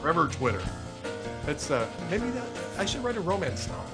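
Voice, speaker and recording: A man's voice: high voice, very animated, a little fast, over music. A man hosting a casual podcast chat, easygoing and joking. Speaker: host.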